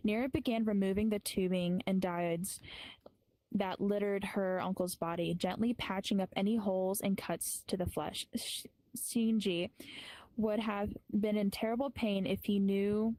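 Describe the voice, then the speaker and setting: A woman with a mellow, dark-toned voice narrates an improvised story, recorded close and dry. She sometimes trips over names and restarts words, then carries on. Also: mid-range voice, fairly even intonation, measured pace, no room sound, rough recording. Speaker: improv performer.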